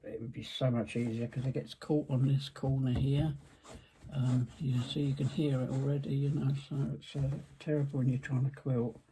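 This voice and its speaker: With the sewing machine whirring in her home sewing room, a talkative quilting vlogger with an Essex English accent gives a chatty, rambling, self-deprecating demonstration. She speaks at a moderate pace in a steady, mellow, extremely low voice, with a little background noise.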